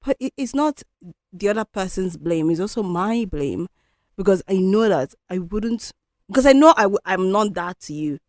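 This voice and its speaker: A woman's voice: mid-range voice, lively intonation, normal speed, a little mellow, no room sound, clean studio sound. A woman hosting a solo podcast, talking in a candid, reflective, conversational way. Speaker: podcast host.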